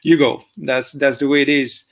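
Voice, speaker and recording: A man's voice: medium pitch, steady tone. French man, ex-racer guest; casual, hesitant delivery with a French accent. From France. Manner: halting, many fillers and restarts, laughs easily. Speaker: former motocross champion guest. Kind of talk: casual interview over a call.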